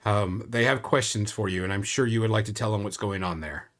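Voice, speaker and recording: Give me a game master playing a reassuring village man, calm and steady. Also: sits low, brisk, voice pushed down.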